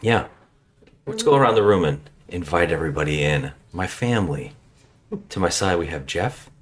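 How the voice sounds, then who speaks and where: A deep-voiced man hosts a casual movie podcast, his pitch swinging widely as he jokes and swears through quick banter. He keeps things loose and conversational. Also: lively intonation. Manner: joking, profane, quick banter. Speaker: podcast host.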